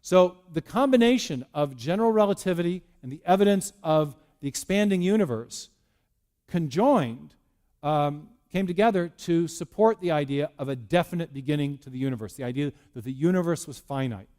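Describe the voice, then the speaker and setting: A man's voice: fairly high pitch, expressive, moderate pace, darkish tone. A man giving a public lecture, explaining step by step with frequent restarts and repeated words.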